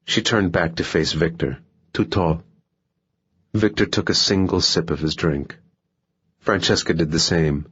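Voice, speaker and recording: Deep husky male audiobook narrator. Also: moderate pace, a bit bright, lo-fi sound. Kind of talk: scripted narration.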